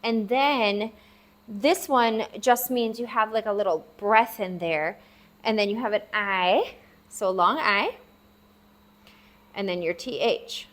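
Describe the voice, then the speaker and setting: A woman's voice: mid-range voice, takes it slowly, pauses often, a bit bright. A woman teaching a language lesson, patiently sounding out each syllable several times while writing words out. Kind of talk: casual spoken lesson. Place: at a table, writing for the viewer.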